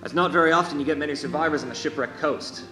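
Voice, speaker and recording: A man playing a courteous gentleman on horseback. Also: fairly high pitch, quick pace, reverberant, music in the background, natural voice. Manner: courteous, hesitant, many fillers. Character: polite gentleman rider on horseback.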